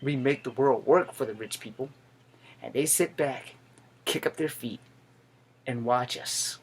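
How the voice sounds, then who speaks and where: A man's voice: medium pitch, measured pace, slightly rough. A man in his thirties, a veteran, giving a blunt, profane and heated political rant to the camera. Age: 30s.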